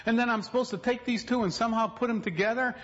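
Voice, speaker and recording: A man's voice: very high-pitched, fast talker, fairly bright tone, long reverb tail, muffled recording. A man quoting a puzzled woman in his sermon, questioning his advice with doubt. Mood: skeptical. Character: puzzled skeptical woman seeking counsel.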